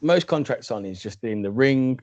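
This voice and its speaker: A man's voice: medium pitch, lively intonation, moderate pace, darkish tone, lo-fi sound, slight background noise. A man co-hosting a casual wrestling chat, amused and easygoing. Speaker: podcast co-host.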